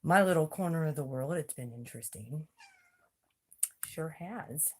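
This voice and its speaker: A woman's voice: low voice, animated, a little slow, slight background noise. A woman hosting a casual livestream chat, drawling and taunting as she dares her viewers to speak up. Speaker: YouTube livestream host.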